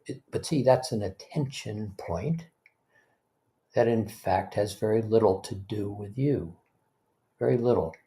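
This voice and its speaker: A man as a spiritual teacher, leading a guided meditation talk in a gentle, unhurried way, pausing for breaths and restarting phrases conversationally. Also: on the low side. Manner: gentle, unhurried, leads listeners through breaths.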